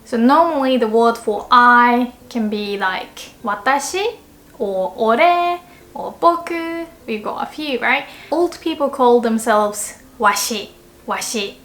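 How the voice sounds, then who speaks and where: A woman's voice: a little high, unhurried, fairly bright tone. A young woman teaching in a casual video lesson, playful and laughing often, mimicking cat and anime voices. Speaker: Japanese language teacher.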